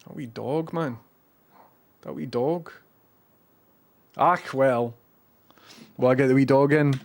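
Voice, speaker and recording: A Scottish man streaming from his room at home, chatting casually and talking to his dogs. He switches between a high sing-song voice for the dogs and low muttered asides. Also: slow, creaky.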